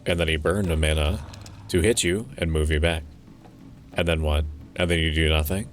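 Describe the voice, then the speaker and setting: A man's voice: a bass voice, steady tone, normal speed, faint music behind. A man streaming a game, chatting casually with viewers, swearing and thinking aloud as he plays. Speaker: VTuber streamer. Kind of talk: casual gameplay commentary.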